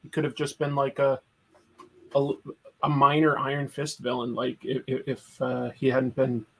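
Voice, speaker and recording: A man's voice: mid-range voice, completely flat delivery, normal speed, creaky. A middle-aged man from Boston, a guest in a casual chat, talking eagerly with lots of likes and restarts. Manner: chatty and enthusiastic, full of likes and restarts.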